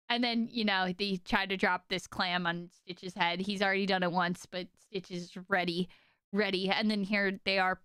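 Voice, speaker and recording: A young woman streaming casually to her chat, telling stories in an animated, exaggerated way with lots of "like" and "okay?". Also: mid-range voice, clean tone, dry recording, clean studio sound.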